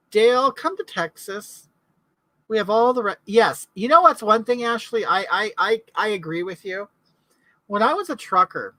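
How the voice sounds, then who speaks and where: A woman's voice: mid-range voice, sharp tone, no room sound, low-quality recording. A middle-aged woman from California, hosting a casual live chat in a rambling way and answering viewers' comments. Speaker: livestream host.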